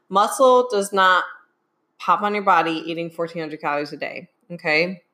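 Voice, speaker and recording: A woman's voice: lowish voice, a bit bright. Chatty young woman coaching on nutrition. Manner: chatty, emphatic, keeps asking "okay?". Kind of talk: live Q&A chat.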